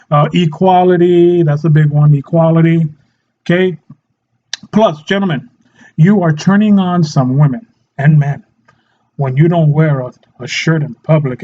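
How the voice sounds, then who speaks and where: A man's voice: high voice, darkish tone, highs cut off. A man delivering a mock-serious satirical monologue in a sarcastic tone, often laughing and acting out short quoted voices. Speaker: satirical commentator.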